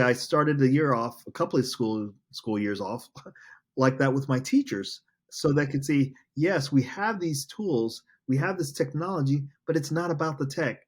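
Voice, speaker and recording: A man who was once a school principal, talking in an earnest, casual way and repeating his key points for emphasis. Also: mid-range voice. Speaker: former principal, ed tech educator. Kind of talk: casual podcast conversation.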